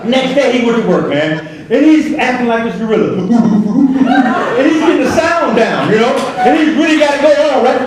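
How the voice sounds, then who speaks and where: A man with a very high voice spins an animated joke for a banquet crowd. He is heard from across a booming, echoey hall, and the crowd murmurs behind him. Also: normal speed. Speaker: banquet speaker. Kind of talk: comic storytelling to a banquet crowd. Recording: echoey hall, mic far off, crowd noise.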